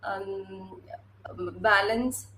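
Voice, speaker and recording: A woman's voice: medium pitch, fairly even intonation, drawn-out words, sharp tone, a little hiss or hum, low-quality recording. A woman teacher giving a classroom lecture, hesitant, with many fillers and restarts.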